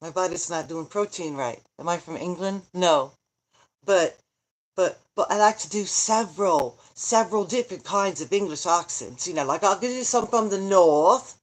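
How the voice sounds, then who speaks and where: A woman's voice: lowish voice, normal speed. A middle-aged woman chatting casually on a livestream, joking, rambling and answering viewer comments as she goes. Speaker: vlogger, grandmother. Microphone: phone.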